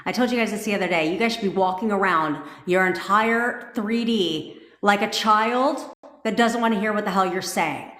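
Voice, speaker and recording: A woman's voice: medium pitch, moderate pace, a bit bright. A woman manifestation coach giving a blunt, profanity-laced pep talk on a live stream. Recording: echoey room.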